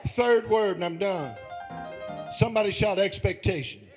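A male pastor preaching a rousing sermon, half-singing his lines and breaking into shouts. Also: sits high, normal speed. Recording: preaching over loud music.

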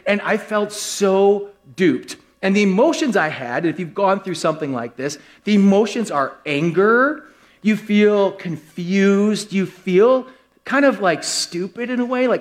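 A man preaching a sermon to a live congregation, telling a funny story with lively, joking delivery. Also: high voice, unhurried. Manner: animated, joking, acts out quoted voices. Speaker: pastor. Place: church hall with a live congregation.

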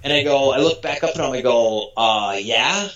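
A man casually telling a story from his running career, animated and profane, acting out what people said. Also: mid-range voice, fast, highs cut off. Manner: animated, profane, acts out quotes. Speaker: former elite runner, guest.

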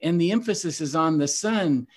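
A man's voice: a little high, expressive, moderate pace, a little mellow, breathy edge. A man hosting a Bible teaching podcast, earnest and emphatic in a preacherly way. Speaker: host.

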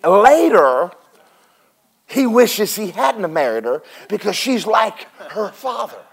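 Male preacher, high pitch, animated sermon delivery with call-and-response. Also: slow, vocal fry. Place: church service with congregation responding.

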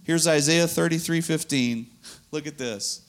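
A man's voice: fairly high pitch, unhurried. A man preaching a sermon in an earnest, conversational way, laughing now and then between points.

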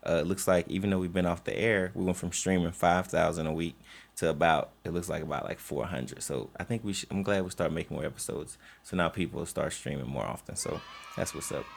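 Host type: low, gravelly male voice, loose joking delivery, faint hiss behind. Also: fairly even intonation, fairly quick. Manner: loose joking, laughs often. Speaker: podcast host. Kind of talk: casual banter.

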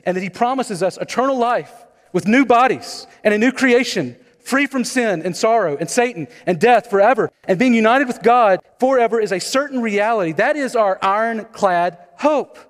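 High-voiced pastor preaching in a reverberant hall. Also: male voice, animated, normal speed. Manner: conversational preaching with storytelling asides. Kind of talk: sermon.

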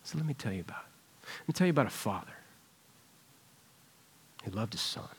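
In a church sanctuary, a pastor delivers a sermon, retelling a personal story in an earnest, conversational way. His voice sits on the low side and sounds husky and expressive, with a fairly quick pace.

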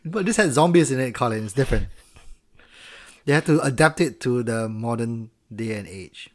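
A man's voice: mid-range voice, lively intonation, moderate pace. A man co-hosting a casual film podcast, teasing his partner and laughing often. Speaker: podcast co-host.

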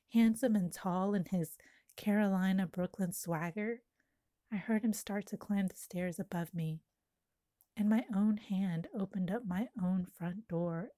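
A woman reads a poem aloud in an intimate, lyrical manner, lingering on images. Her voice is warm and mellow at a middle pitch. The sound is dry and close, with no room echo. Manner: slow, lyrical, intimate delivery. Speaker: poet. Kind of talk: poetry reading.

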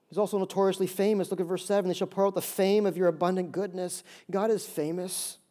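A male pastor preaching a lively sermon, acting out little voices and jokes to make his points. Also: sits high. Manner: animated, acts out voices and jokes.

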